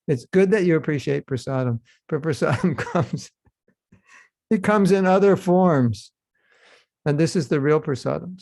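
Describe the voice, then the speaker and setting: Gravelly man giving a lively sermon. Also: on the high side. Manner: conversational and humorous, acts out quoted dialogue. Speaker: speaker giving a scripture class. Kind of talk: informal sermon.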